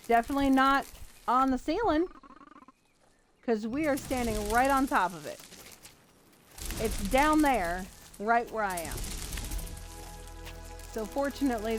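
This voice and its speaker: A woman hosting a casual let's-play, chatting to viewers and talking back at the game, shifting between exasperated outbursts and soft self-soothing. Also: a little high, a little hiss or hum. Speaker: gaming video host. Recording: game music playing clearly behind the voice. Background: game music.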